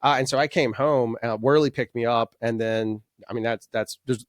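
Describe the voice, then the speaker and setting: A man in his forties, a podcast guest telling rambling, animated anecdotes full of restarts. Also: mid-range voice, moderate pace, no echo, clean studio sound. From Alabama. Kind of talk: casual storytelling.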